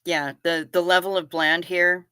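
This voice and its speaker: Her voice is lowish, clear and resonant, bright and forward, with little movement in pitch as she hosts a live stream. She reads comments aloud and chats with viewers in a slow, drawn-out manner, loose and wry, cursing casually and giggling frequently. The audio is close-miked and dry, free of any room echo.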